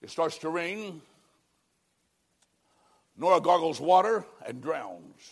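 A male preacher with a high voice delivers a fiery sermon. He swings from loud declarations to quiet, drawn-out phrases, slowing down to press his points home. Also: big pitch swings, gravelly. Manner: dramatic preaching with big swings between loud and hushed.

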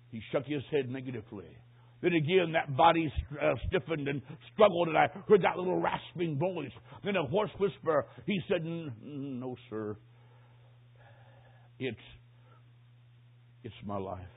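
A man preaching a sermon, telling a story dramatically, dropping to a hush and rising to a shout. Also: fairly high pitch, normal speed, gravelly, husky. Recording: tinny phone-like lo-fi recording.

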